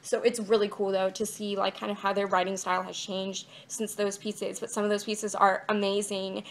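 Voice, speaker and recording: A woman's voice: medium pitch, flat delivery, moderate pace. Young woman rambling on her vlog, chatty, lots of likes and ums, just talking to the camera. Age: young adult. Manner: rambling and chatty, many fillers like "like" and "um". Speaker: vlogger. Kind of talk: casual chat to camera. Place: indoors, outside her bedroom.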